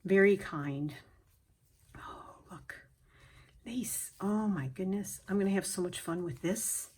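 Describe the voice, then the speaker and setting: A woman's voice: mid-range voice, moderate pace, a little mellow, breathy edge. A woman craft vlogger opening a gift package on camera, gushing and gasping over each item and sometimes dropping to a whisper. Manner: gushing, exclaims and gasps. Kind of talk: casual unboxing chat. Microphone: camera on a stand, she moves it by hand.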